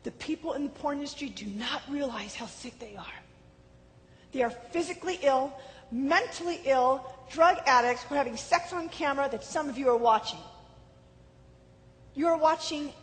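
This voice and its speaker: A woman giving an animated personal testimony, acting out quoted voices, swinging from lively to low and subdued. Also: normal speed. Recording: hall reverb with faint background noise.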